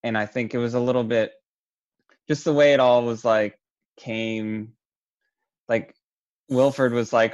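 A man's voice: mid-range voice, fairly even intonation, measured pace, pauses often, lo-fi sound. A man co-hosting a podcast, giving a casual film review in a hesitant, conversational way. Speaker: podcast co-host.

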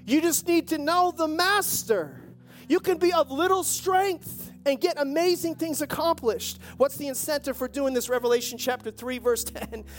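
Animated storytelling pastor preaching. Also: high-pitched, moderate pace, a little hiss or hum. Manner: storytelling, animated, jokey asides. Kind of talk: sermon.

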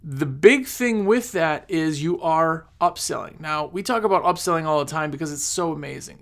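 A man's voice: fairly high pitch, vocal fry, a bit bright. A man giving casual, rambling business advice, repeating himself and acting out his customers. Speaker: cleaning business coach. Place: recording on his phone.

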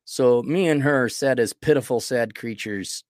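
A man's voice: medium pitch, measured pace, no echo. Dry-sounding man with a cold. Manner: rambling, self-deprecating, restarts often. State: sick with a cold. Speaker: podcast host. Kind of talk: casual monologue.

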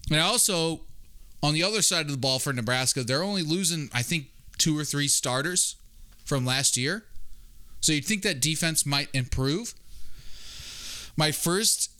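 Male podcast co-host, bright and smooth, casual analytical picks, stammers on restarts. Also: fairly high pitch, lively intonation, a little slow, long pauses.

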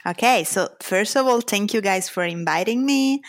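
A woman's voice: medium pitch, lively intonation, normal speed, no room sound. A woman from Italy with an Italian accent, a lawyer answering interview questions earnestly, in slightly non-native English. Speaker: guest lawyer.

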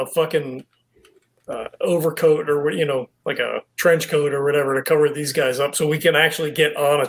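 A man's voice: fairly high pitch, slight background noise. A man playing a tabletop role-playing game, talking casually with swearing and hesitant fillers. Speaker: player.

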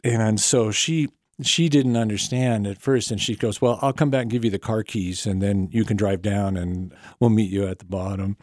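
Wry low-voiced man recounting a story. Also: moderate pace, few pauses, darkish tone, no echo, studio quality. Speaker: storyteller guest. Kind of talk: personal story told to an interviewer.

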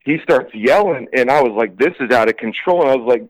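A man's voice: mid-range voice, animated, brisk, poor audio. Male caller, rambling storyteller, radio broadcast sound. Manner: rambling, repeats "sure enough", acts out quotes. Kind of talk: casual storytelling.

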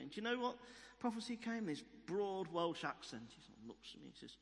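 Guy preaching in church, kinda high voice, lots of hall echo, repeats his points. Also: very animated, a little fast, vocal fry. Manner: storytelling, repeats key phrases for emphasis. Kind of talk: sermon. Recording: long reverb of a church hall.

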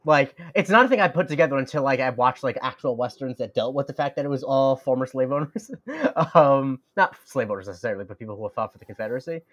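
A man's voice: mid-range voice, fast, few pauses, fairly bright tone, dull audio. A man co-hosting a podcast in casual chat, talking freely and laughing often. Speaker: podcast co-host.

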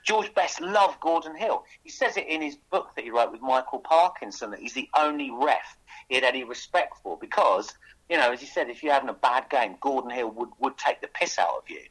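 A man being interviewed about his book, telling lively anecdotes with frequent restarts and laughs. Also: mid-range voice, fairly quick, husky, rough recording. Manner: enthusiastic storyteller with frequent restarts. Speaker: author guest. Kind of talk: casual radio interview chat.

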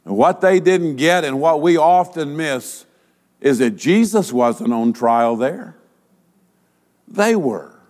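A male pastor delivering a sermon, asking rhetorical questions and using dramatic pauses. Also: a little high, lively intonation, darkish tone, big-room sound.

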